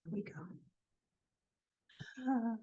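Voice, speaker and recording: A woman's voice: extremely slow, mellow. Chatty woman recapping a soap, muffled. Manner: chatty, gossipy, many asides and restarts. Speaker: soap opera review vlogger. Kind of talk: casual episode recap and commentary.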